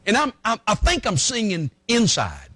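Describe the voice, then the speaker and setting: A man preaches through a personal story, his pitch sitting high for a man and leaping around as he acts out each moment. He is folksy and emotional, slipping into a hymn now and then. The sound is close and dry, with no room around it. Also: wildly swooping pitch, moderate pace, fairly bright tone, no echo. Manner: folksy, emotional, breaks into song. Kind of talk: storytelling sermon.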